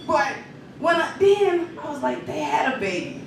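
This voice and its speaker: A male comedian running through his set, animated and profane, chuckling at his own punchlines. His voice leaps up and down as he tells the stories. The recording is distant and heavily echoey, with steady noise underneath. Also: very high-pitched, normal speed, gravelly. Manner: laughs at his own jokes. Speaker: stand-up comedian. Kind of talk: stand-up comedy rehearsal. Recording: echoey room, mic far off, noisy.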